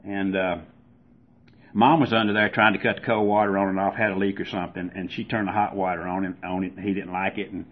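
Older Southern man, husky voice, folksy testimony that acts out the voices; dull lo-fi recording. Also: low voice, little pitch movement, fast talker. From Georgia, US. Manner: folksy storyteller who acts out voices loudly. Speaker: speaker at a recovery meeting. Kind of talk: personal testimony to an audience.

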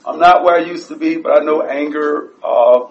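A man giving a blunt, profane personal share at a support meeting, his voice rising whenever he gets excited. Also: a little high, normal speed. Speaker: recovery group member sharing. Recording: echoey room, distant dull mic.

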